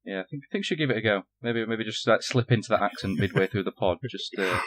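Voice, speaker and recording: A man's voice: fairly low pitch, lively intonation, fast, a bit bright. A Northern English man co-hosting a gaming podcast, rambling and repeating himself with lots of fillers. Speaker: podcast co-host. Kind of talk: casual podcast chat.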